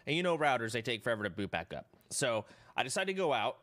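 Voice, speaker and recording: A man live streaming, telling his chat a rambling, profane story in a casual, animated way. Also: mid-range voice, quick pace.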